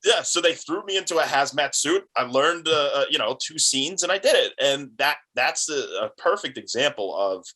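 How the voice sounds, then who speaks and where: Animated storytelling man, bright voice. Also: on the high side, moderate pace, hardly any pauses, husky, low-quality recording. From New York. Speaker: guest, independent film producer. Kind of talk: casual interview chat.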